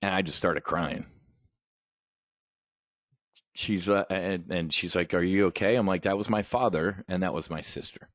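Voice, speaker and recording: A man hosting a live options trading brief, talking in an energetic, rambling, conversational way with emphatic asides. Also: low-pitched, measured pace, long pauses, no echo, studio quality. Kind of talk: livestream trade brief.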